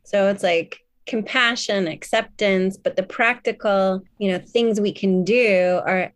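A woman's voice: medium pitch, a little slow, no echo. Attentive woman host, dry close sound. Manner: attentive, affirming, thoughtful questions. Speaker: podcast host. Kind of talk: casual chat.

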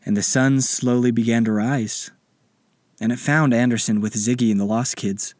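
A man narrating a children's bedtime story in a gentle, unhurried way. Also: medium pitch, steady tone, no room sound.

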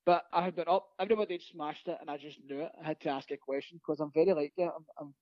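A Scottish stand-up comedian telling rapid, sweary, laughing stories in a casual chat. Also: male voice, a little high, dry recording, highs cut off.

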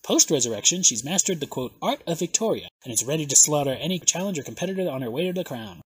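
A man hosting a casual podcast, excitable and swearing now and then as he reads contestant bios aloud. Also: on the high side, fast talker, slightly rough, no echo. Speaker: podcast host.

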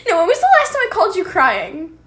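A woman's voice: extremely high pitch, wildly swooping pitch, fast, fairly bright tone. A teenage girl co-hosting a casual podcast chat, giggly and emotional, often saying "freaking". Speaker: podcast co-host.

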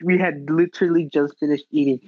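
Animated young man telling a story. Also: a little high, fairly quick, no room sound, muffled recording. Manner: animated storytelling, heavy swearing, acts out voices. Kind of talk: casual chat.

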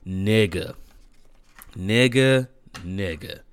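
A young man casually telling a profane, animated family story with lots of fillers and laughter. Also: fairly low pitch, extremely slow, clear, resonant tone, dry recording.

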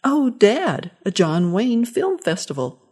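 A woman reading the lines of a patient daughter-in-law who gently humors an old man in a short story. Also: medium pitch, very animated, slow pace, breathy edge, pitched above the performer's own voice, full character voice. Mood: soothing. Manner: soothing, patient.

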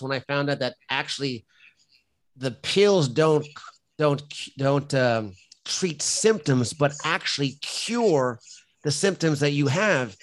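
A middle-aged man, a firefighter and company founder, talks as a podcast guest in a casual interview. He speaks bluntly and emphatically, and he often restarts his sentences. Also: a little high.

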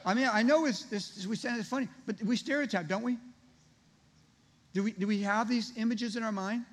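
High-voiced pastor preaching in a hall. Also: male voice, fairly quick. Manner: conversational, rhetorical questions to congregation. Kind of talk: sermon. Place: church sanctuary. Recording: reverberant hall.

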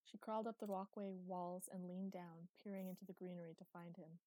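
A young woman reading a story aloud in an even, unhurried narration. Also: on the low side, no echo. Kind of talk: audiobook narration.

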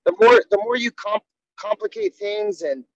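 A man's voice: high voice, wildly swooping pitch, moderate pace, vocal fry, no echo. A man, a jiu-jitsu coach, talking candidly and earnestly in a casual interview, often restarting his sentences. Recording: dull, dry sound.

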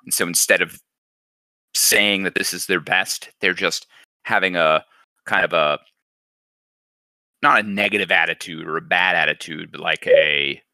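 A man's voice: deep voice, pushed and bright, dry recording. A man hosting a casual chat, talking in a reflective, encouraging way. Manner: reflective, encouraging, thinks aloud.

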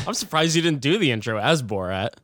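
A man's voice: mid-range voice, big pitch swings, fairly quick, fairly bright tone, dry recording, studio quality. Rambling, chuckling man co-hosting a podcast. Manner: rambling, filler-heavy, chuckling. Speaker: podcast co-host. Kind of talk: casual movie-review chat.

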